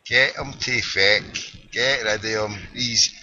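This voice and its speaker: A man's voice: mid-range voice, slow, bright, forceful tone, a little hiss or hum. A Scottish man hosting a late-night internet radio show, ranting and joking in slangy banter. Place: small cold room at home. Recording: dull lo-fi online radio stream.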